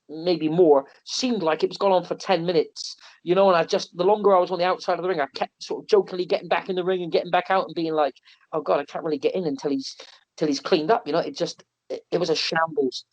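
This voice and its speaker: A man telling animated, self-mocking stories on a podcast, often restarting and laughing. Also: high-pitched, fairly quick, few pauses. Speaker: wrestler and wrestling promotion owner. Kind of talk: podcast interview storytelling. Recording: slightly muffled podcast audio.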